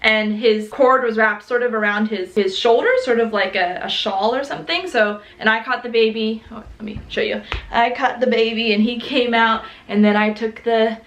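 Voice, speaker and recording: A woman's voice: a little high, fairly even intonation, normal speed, hardly any pauses, fairly bright tone. A young woman vlogger telling a personal story in a chatty, casual way, laughing often and using lots of fillers.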